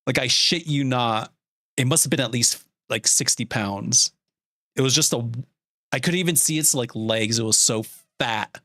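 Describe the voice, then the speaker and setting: A man's voice: mid-range voice, normal speed, pushed and bright, no echo, studio quality. A man streaming as he draws storyboards, chatting casually in a rambling way with frequent laughs. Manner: rambling, chatty, laughs often, heavy use of "like". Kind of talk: casual chat while drawing storyboards.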